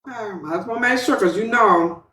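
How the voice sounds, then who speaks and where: A woman's voice: fairly high pitch, brisk, sharp tone. Woman guest, heated and profane, roomy distant phone sound. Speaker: guest in a live audio chat room. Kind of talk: casual live-stream chat.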